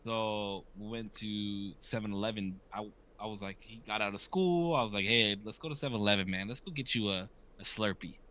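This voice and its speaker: This is a man in his thirties whose voice sits fairly low. He speaks in casual podcast chat, candid and profane. He often acts out the voices of people he quotes. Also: a little fast, few pauses, bright, forceful tone. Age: 30s. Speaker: podcast co-host.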